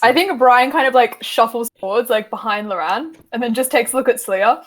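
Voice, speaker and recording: A woman playing a tabletop game, excitable and giggly. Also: fairly high pitch, fairly quick. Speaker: player. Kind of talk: casual tabletop play.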